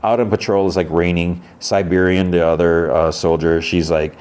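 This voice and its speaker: A man's voice: low-pitched, level tone, moderate pace, darkish tone, smooth. A man hosting a podcast, casually recapping a TV episode and retelling scenes with characters' lines. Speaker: podcast host.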